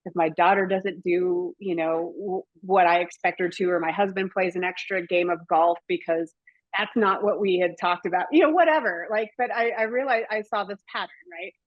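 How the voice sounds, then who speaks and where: A woman's voice: fairly low pitch, normal speed, no echo, highs cut off. A woman hosting a podcast interview, telling personal stories in a chatty way with lots of fillers. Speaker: podcast host.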